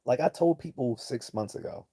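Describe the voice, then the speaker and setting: A man's voice: mid-range voice, moderate pace, mellow, slightly rough. A man hosting a livestream, giving blunt, profane, rambling commentary and reading chat messages aloud. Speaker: livestream host.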